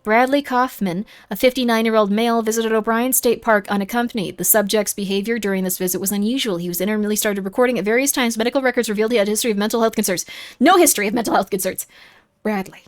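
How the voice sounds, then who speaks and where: A woman's voice: fairly high pitch, fast talker. A woman streaming a game live, chatting playfully and reading the on-screen text aloud. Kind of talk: live-streamed gameplay commentary.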